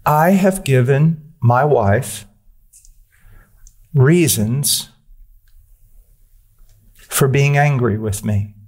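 A man's voice: mid-range voice, extremely slow, long pauses, a little mellow. A man preaching a sermon, earnest and direct, pressing his listeners with questions and using blunt, dry humor.

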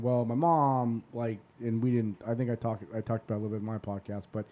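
Mellow-voiced man telling a story, swearing freely. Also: medium pitch, fairly even intonation, fast talker, hardly any pauses. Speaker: podcast host. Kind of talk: casual storytelling.

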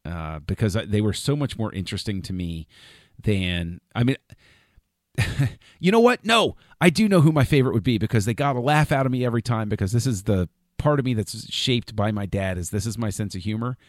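A man with a fairly low voice chats casually on a podcast, chuckling a lot as he gets enthusiastic. He trails off and restarts his sentences. The sound is close and dry, with no room around it. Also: animated, brisk, dry recording. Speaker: podcast co-host.

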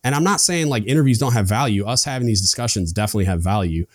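Young male podcast host, very low pitch, close dry sound, loose rambling talk. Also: lively intonation, racing, no echo. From United States. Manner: rambling, lots of fillers and restarts. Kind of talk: casual chat.

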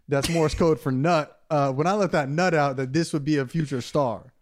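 A man's voice: normal speed, hardly any pauses. A man co-hosting a podcast in crude, joking casual chat. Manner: crude, joking, slips into loud high put-on voices. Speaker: podcast co-host.

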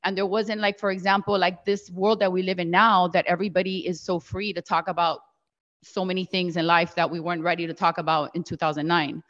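A woman's voice: fairly low pitch, a little fast. A middle-aged woman, telling a story as a podcast guest and acting out the voices of the people she quotes. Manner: animated, acts out quoted voices. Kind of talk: casual storytelling. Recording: slightly dull lo-fi sound.

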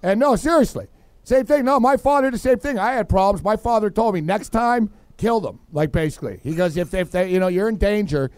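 A man on a sports radio show, animated, telling a story and shouting out other people's lines. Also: sits high, quick pace, smooth, no room sound. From Southern California.

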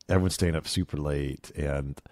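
A man talks on a podcast in a relaxed, rambling way. His voice is very low. The recording is dry and close-miked. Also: unhurried, no echo. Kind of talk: casual chat.

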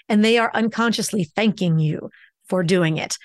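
A woman's voice: medium pitch, moderate pace, dry recording. A woman speaks as an expert guest on a podcast. She teaches her points and shifts her pace to stress them. Her mid-range voice sits on a close, dry mic. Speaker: communication coach, podcast guest.

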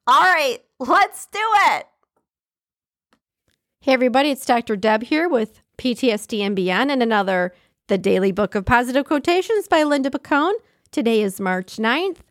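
A woman hosting a podcast in a casual, chatty way, reading short passages and then riffing on them with animated asides and easy laughter. Her voice sits a little higher than average. The recording is close and dry, with no room sound. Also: no room sound. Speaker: podcast host.

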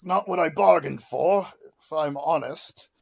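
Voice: mid-range voice, unhurried, gravelly, lo-fi sound, crowd noise. A tabletop player speaking in character, stiff and formal, with hesitant fillers. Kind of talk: in-character tabletop role-play.

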